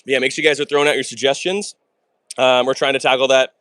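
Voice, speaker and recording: A man live-streaming himself solving puzzles, talking fast and chatty through every move, with excitable outbursts and thanks to chat. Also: mid-range voice, clean tone, no room sound. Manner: fast and chatty, talks through his moves; excitable, bursts of exclamations.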